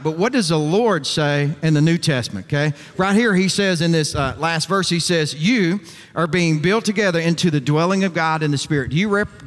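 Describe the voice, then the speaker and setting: Man, pastor, high voice, emphatic sermon, reverberant church hall. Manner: emphatic, rhetorical questions, folksy asides. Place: church sanctuary.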